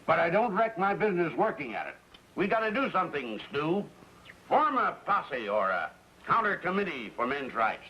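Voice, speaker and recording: An actor playing a grumbling middle-aged suburban husband, eager and gossipy, in 1950s sitcom acting. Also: male voice, on the high side, big pitch swings, normal speed, pushed and bright, husky, full character voice. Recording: dull lo-fi 1950s TV soundtrack with faint hiss.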